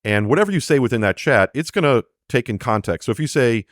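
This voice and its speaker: A man's voice: medium pitch, animated, quick pace, no room sound, clean studio sound. A man, an AI developer guest, explaining technology in a casual interview, acting out little quoted exchanges between fillers.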